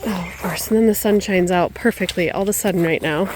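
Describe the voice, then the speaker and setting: Homesteader lady filming outside, chatty, coos up high at her birds, lots of oh no's, bit of hiss. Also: quick pace. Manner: emotional, dismayed exclamations. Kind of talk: casual vlog commentary. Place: outdoors in a rural yard and garden.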